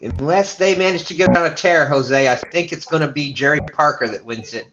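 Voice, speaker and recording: A man's voice: a little high, a little fast, fairly bright tone. A man hosting a live fishing stream, casually chatting and reading viewer comments aloud. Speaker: livestream host. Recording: dull lo-fi stream audio with noise.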